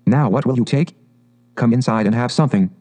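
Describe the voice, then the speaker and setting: A man voicing an excitable, boastful rich male toad from a storybook, talking in gushing exclamations. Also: mid-range voice, brisk, natural voice. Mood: exuberant.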